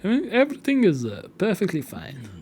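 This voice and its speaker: A man's voice: sits high, huge pitch swings, a little fast, a little mellow, faint music behind, pitched above the performer's own voice, exaggerated voice. A man voicing a nervous, overly formal grown man in a dating game, with a put-on posh British accent. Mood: flustered. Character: nervous posh adult man on a movie date.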